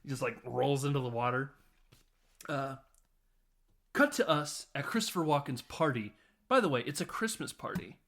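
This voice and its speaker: A man hosting a podcast, retelling a film in a casual, laughing way with frequent swearing and quick voiced quotes. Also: mid-range voice, a bit bright. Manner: swears freely, laughs often. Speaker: podcast host.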